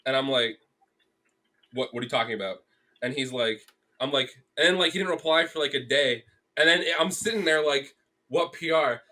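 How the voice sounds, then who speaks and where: A man's voice: mid-range voice, moderate pace. A young man, a graphic artist guest on a podcast, telling a story in casual chat with lots of fillers and acted-out quotes. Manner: animated storytelling, acts out quotes, many fillers.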